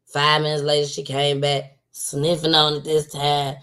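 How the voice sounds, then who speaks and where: A woman's voice: sits low, completely flat delivery, unhurried, few pauses, fairly bright tone. A woman hosting a casual livestream talk show. She talks outspokenly and repeats points for emphasis.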